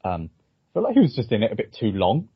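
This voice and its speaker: A low-voiced man with a husky edge talks through a film review in a casual, halting way, filling his pauses with ums. The sound is dry and a little dull, like a modest home podcast setup. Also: huge pitch swings, no room sound. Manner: hesitant, lots of ums and restarts. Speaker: podcast host.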